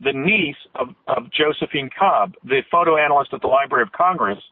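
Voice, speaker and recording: A man's voice: medium pitch, lively intonation, brisk. A man being interviewed as a guest on a radio show, telling a long story in earnest detail, his voice at times catching with emotion. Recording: tinny phone line, dry.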